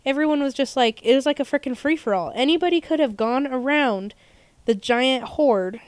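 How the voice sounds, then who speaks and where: A woman's voice: high-pitched, moderate pace, clear, resonant tone, no room sound. A young woman co-hosting a podcast, telling a long story in a rambling, casual way with lots of fillers. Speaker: podcast co-host. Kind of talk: casual chat.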